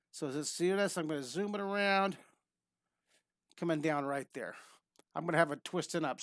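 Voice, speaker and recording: A man's voice: on the high side, fairly bright tone, no echo, studio quality. A man teaching a live online drawing lesson, bubbly and rambling as he chats with viewers.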